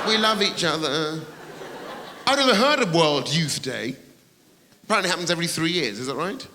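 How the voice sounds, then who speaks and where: Guy doing standup, fairly high voice that swings all over, teasing the crowd, big echoey theatre with loud crowd noise. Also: sing-song, a little fast. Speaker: stand-up comedian. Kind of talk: stand-up comedy set. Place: large theatre stage with a live audience. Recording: reverberant hall with loud audience noise.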